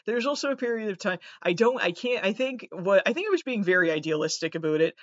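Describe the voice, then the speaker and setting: A woman's voice: mid-range voice, lively intonation, fast, few pauses, no room sound, highs cut off. Rambling, profane woman podcaster in her twenties. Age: 20s. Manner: rambling, profane, self-deprecating. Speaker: podcast host and comedian. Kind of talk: casual solo podcast monologue.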